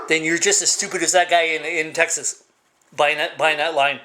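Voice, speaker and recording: A man vlogging in a casual monologue, rambling and halting with lots of fillers and restarts, giving blunt, opinionated rants. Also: a little high, fairly even intonation, pushed and bright, a little hiss or hum.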